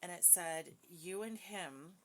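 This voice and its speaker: A woman's voice: on the low side, slow pace. A woman giving a casual psychic reading from home. She sounds chatty and hesitant, with many fillers and frequent small laughs. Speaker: psychic reader. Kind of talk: casual spoken reading with a recited prayer. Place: home with dogs nearby.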